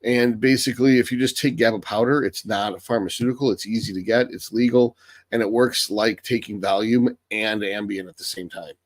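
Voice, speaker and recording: A man's voice: fairly low pitch, steady tone, a little fast, dry recording. An American man hosting a live Q&A stream, reading viewer questions aloud and answering them bluntly with a lot of swearing. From United States.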